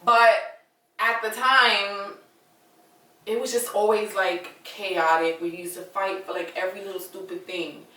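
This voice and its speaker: A woman's voice: medium pitch, steady tone, a little slow, sharp tone, reverberant, far from the mic, rough recording. A young adult woman telling a story in a casual, dramatic way and talking straight to her viewers. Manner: chatty, dramatic, addresses viewers as y'all.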